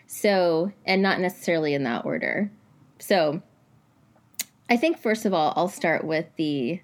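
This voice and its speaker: Slow, low-voiced woman podcast host. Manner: earnest and reflective, with soft pauses. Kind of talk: casual solo podcast talk; scripted podcast intro.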